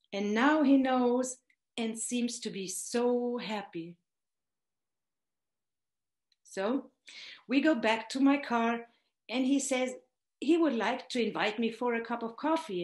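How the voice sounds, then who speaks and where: Slow, heartfelt woman. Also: on the high side, a little mellow. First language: German. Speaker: storyteller. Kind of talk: reading a personal story aloud. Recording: roomy echo.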